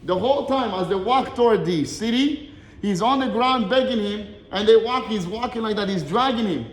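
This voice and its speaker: A Torah teacher with a high-pitched voice gives a short lesson at normal speed, telling a Talmud story that swings lively between Hebrew quotes and English explanation. The echoey room gives it a big-room sound.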